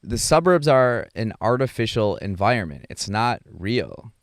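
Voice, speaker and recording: Young guy rambling on his podcast, lots of ums and restarts, smooth voice, dry close sound. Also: fairly low pitch, very animated, dry recording. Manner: rambling, halting, with many fillers and restarts. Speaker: podcast host. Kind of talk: casual reflective monologue.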